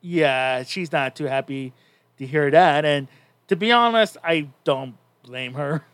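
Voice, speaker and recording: A man's voice: on the high side, slow, a bit bright, clean tone, no echo. A man co-hosting a podcast, casually recapping a story in a rambling way with many restarts. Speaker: podcast co-host.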